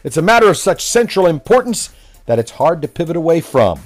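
A man's voice: on the high side, sing-song, brisk, faint music behind. A man delivering a combative, mocking political opinion monologue as a commentator. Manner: mocking, combative, name-calling.

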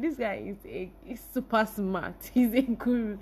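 A woman's voice: mid-range voice, measured pace, slightly rough. A young woman vlogger telling her viewers an emotional personal story and speaking to them directly.

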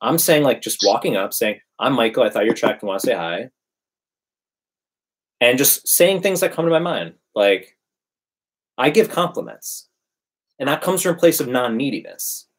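Emphatic husky-voiced man coaching. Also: mid-range voice, unhurried, pauses often. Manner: emphatic, preachy, animated. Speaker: dating coach. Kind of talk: casual podcast chat.

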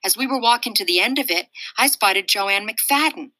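Bright-voiced woman reading a children's book. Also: mid-range voice, normal speed, no room sound, low-quality recording. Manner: steady, expressive storytelling. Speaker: reader. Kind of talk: reading a children's novel aloud.

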